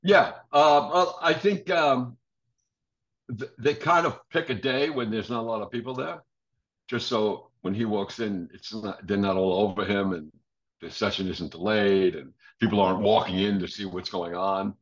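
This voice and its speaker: Older male drummer guest, lively raconteur who acts out quotes, dull lo-fi sound. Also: lowish voice, moderate pace. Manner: animated storyteller, laughs often, acts out quoted voices. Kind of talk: casual interview storytelling. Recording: dull lo-fi audio.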